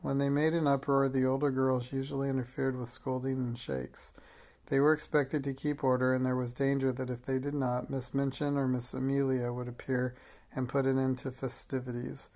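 An audiobook reader narrating a classic children's novel in an even, measured way, with occasional small slips. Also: medium pitch.

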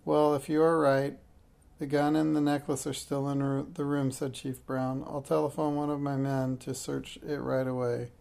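A man reads a children's detective story aloud in a plain, steady way. His voice has a gravelly edge at a middle pitch. Now and then he trips over a word and corrects himself. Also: normal speed. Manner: plain steady reading with slips and self-corrections. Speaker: reader. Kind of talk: reading a children's mystery aloud.

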